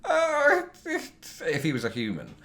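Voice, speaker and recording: A man's voice: fairly low pitch, lively intonation, moderate pace, a bit bright. A British man hosting a casual viewer Q&A vlog, rambling and self-deprecating, with lots of fillers, recorded on a phone. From Britain. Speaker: YouTube host answering viewer questions. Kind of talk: casual chat.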